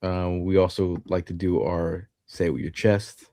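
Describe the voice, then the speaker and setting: A man's voice: deep voice, little pitch movement, moderate pace, warm tone, dry recording, clean studio sound. A man with a Philadelphia accent hosting a live sports podcast, chatting casually and reading out viewer comments and news quotes. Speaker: podcast host.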